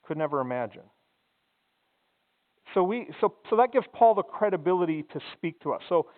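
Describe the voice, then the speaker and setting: A man preaching a sermon as pastor, speaking conversationally and often repeating words as he thinks aloud. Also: fairly high pitch. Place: church sanctuary. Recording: phone-like sound in a long-reverb hall.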